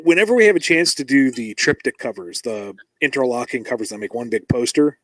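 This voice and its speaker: A man guesting on a podcast, telling animated stories and acting out quoted dialogue, into a mic on a stand. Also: mid-range voice, brisk, no room sound, poor audio. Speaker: guest, comic book writer. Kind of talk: casual interview chat.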